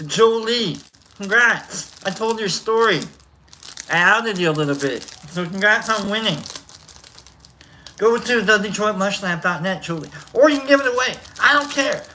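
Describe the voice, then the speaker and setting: A man's voice: sits high, lively intonation, normal speed, pushed and bright, a little hiss or hum. A man hosting a casual livestream, chatting in a rambling, self-correcting way. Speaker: livestream host.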